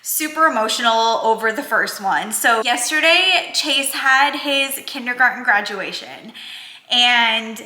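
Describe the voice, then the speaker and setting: A woman's voice: on the high side, expressive, unhurried, pushed and bright. A woman in her thirties, a working mom vlogger, talking in a chatty, heartfelt way with lots of filler words. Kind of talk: casual vlog chat. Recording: echoey room.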